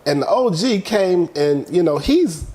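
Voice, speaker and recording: A man's voice: high voice, unhurried, crowd noise. A middle-aged man, a guest in a casual interview, telling a story and acting out the quotes. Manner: animated storyteller who acts out quotes. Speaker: real estate guest.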